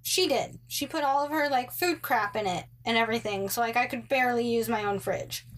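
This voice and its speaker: A woman's voice: a little high, a little fast, a bit bright. A young woman casually telling a story about a roommate, full of "like" and "um", with sarcastic asides. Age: young adult. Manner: chatty, many likes and ums, sarcastic asides.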